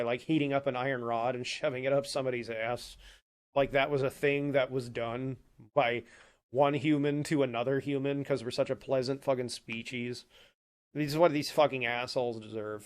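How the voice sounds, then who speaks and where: A man hosting a livestream from his apartment home office, ranting heatedly and swearing constantly into a desk microphone. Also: mid-range voice. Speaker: livestream host. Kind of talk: angry livestream rant.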